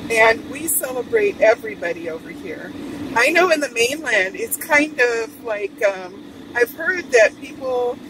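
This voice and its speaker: A woman from Hawaii vlogs from an air-conditioned car, chatting casually and meandering through stories in a Hawaiian Pidgin-tinged accent. Her fairly high voice has a sing-song, unhurried quality, and the mic sits at a distance. The car's air conditioning and traffic can be heard behind her.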